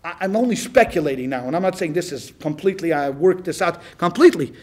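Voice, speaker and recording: Animated high-voiced man teaching. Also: fast talker. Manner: animated and conversational, with many restarts. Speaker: rabbi. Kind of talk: classroom lecture. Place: class with a live audience.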